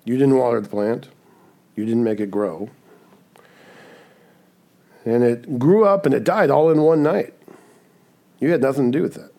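A man's voice: mid-range voice, moderate pace, gravelly, pauses often, dark tone, lightly acted. A man voicing a patient questioning deity. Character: patient divine father figure, questioning calmly.

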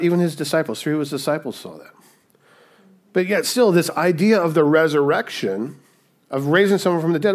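A male pastor preaching a sermon in a conversational way, often checking in with "right?" as he retells Bible stories. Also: a little high.

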